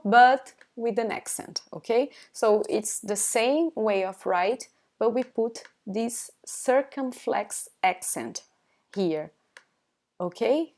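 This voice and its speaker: Slow Brazilian woman teaching a class. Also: mid-range voice, darkish tone. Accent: Brazilian Portuguese. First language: Portuguese. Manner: repeats each example twice, checks in with "okay?". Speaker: language teacher. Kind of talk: live online class.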